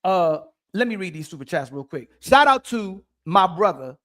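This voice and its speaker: A man's voice: high-pitched, big pitch swings, moderate pace, fairly bright tone. A man hosting a live stream, pressing a guest with the same questions again and again in a heated debate. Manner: insistent, repeats questions. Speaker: host.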